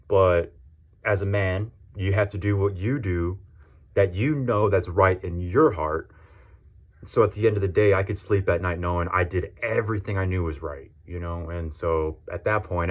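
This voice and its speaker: A man in his thirties telling a personal story as a casual vlog rant, blunt and profane, full of slang. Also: low voice. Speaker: vlogger. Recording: dull lo-fi audio.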